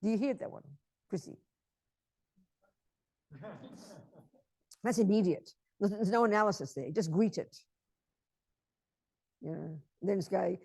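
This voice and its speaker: A woman's voice: medium pitch, measured pace, creaky, long pauses, a little mellow, no echo. Emphatic woman giving a Buddhist teaching. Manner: emphatic, repeats key phrases, checks understanding with questions.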